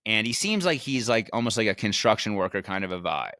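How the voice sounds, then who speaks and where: A man's voice: lowish voice, sing-song, quick pace, pushed and bright, no echo, studio quality. A young man casually telling a long story about a road trip, with lots of restarts and fillers and some swearing. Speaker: vlogger recapping a race weekend.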